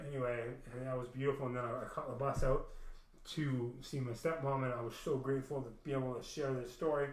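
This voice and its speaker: A man's voice: mid-range voice, fairly even intonation, fast, roomy sound, rough recording. A man rambling through an emotional personal story, repeating himself and swearing often.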